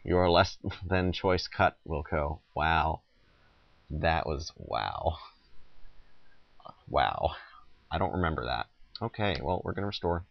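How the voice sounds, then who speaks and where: A man's voice: extremely low pitch, slow pace, vocal fry, long pauses, no echo, muffled recording. A young man casually commenting as he plays a computer game, rambling and joking as he goes. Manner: rambling, self-interrupting, joking. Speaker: let's play host.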